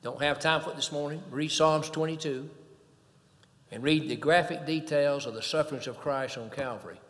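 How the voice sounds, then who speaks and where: High, bright-voiced man preaching. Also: moderate pace, long reverb tail. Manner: emphatic preaching, swelling and dropping in volume. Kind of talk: sermon.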